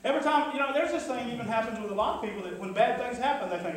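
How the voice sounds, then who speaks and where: A man's voice: very high voice, expressive, very fast, hardly any pauses, distant mic. A man preaching a sermon as pastor, talking in a conversational way with call-and-response asides to the congregation. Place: church sanctuary. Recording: echoey church hall, mic from afar.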